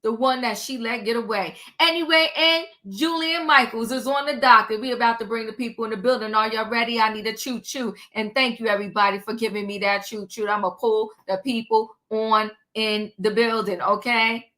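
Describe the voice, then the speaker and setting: A woman's voice: a little high, steady tone, moderate pace, hardly any pauses, pushed and bright. A woman hosting a casual commentary livestream, chatty and slangy, greeting her viewers and exclaiming as she goes. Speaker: livestream host.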